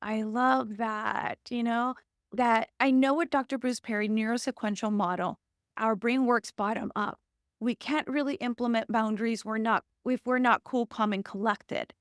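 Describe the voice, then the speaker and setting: A woman's voice: fairly high pitch, steady tone, moderate pace, dry recording, studio quality. A woman hosting a casual podcast conversation, earnest and encouraging as she affirms her guest. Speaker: podcast host.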